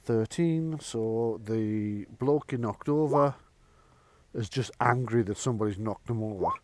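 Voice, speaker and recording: A man's voice: mid-range voice, a little slow, darkish tone, no echo. A man running a tabletop game as game master, laid-back and swearing freely.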